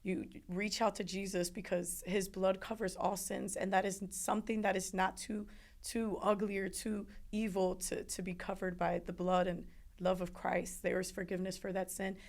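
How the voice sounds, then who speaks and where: Woman, interview guest, gravelly fry in her voice, emotional halting testimony. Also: mid-range voice, flat delivery. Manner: emotional, halting, with many restarts.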